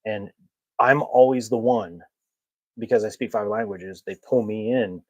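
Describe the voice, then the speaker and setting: A low-pitched man hosting a laid-back podcast, rambling through loose stories with frequent chuckles. He jokes at his own expense. The recording is close and dry, with no room sound. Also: a little slow, no room sound, poor audio. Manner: rambling, chuckles often, self-mocking humor. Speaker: podcast host. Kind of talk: casual chat.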